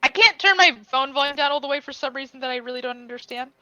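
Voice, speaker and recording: A woman's voice: high voice, fast talker, sharp tone, poor audio. A woman casually chatting on a podcast, rambling and swearing as she shows her room. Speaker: podcast co-host giving a room tour. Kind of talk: casual chat. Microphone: phone mic.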